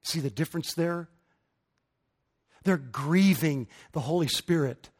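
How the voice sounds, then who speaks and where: A middle-aged man preaching a sermon, emphatic and building to forceful peaks. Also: a little high, unhurried, slightly rough. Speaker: pastor.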